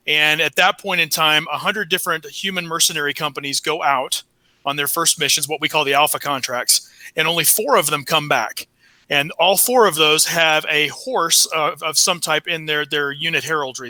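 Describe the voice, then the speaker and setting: Bright-voiced man explaining. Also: on the high side, no echo. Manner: steady explanatory. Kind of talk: explaining in an interview.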